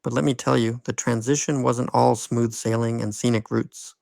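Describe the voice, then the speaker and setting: A man in his fifties with a thick Dublin accent tells his own story with dry wit and a knack for the comic aside. His voice is heavily gravelly, full of low fry, and it sits in an ordinary middle register. The sound is close and dead, with no room around it. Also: level tone, normal speed, darkish tone, dry recording. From Ireland. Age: 50s. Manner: wry, humorous anecdotal delivery. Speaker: school bus driver. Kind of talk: personal storytelling monologue.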